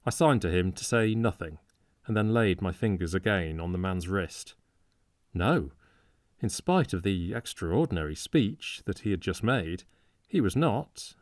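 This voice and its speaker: A male audiobook narrator with a low voice, reading a classic novel aloud. His delivery is measured and steady, and the sound is close and dry with no room around it. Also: no room sound. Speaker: audiobook reader.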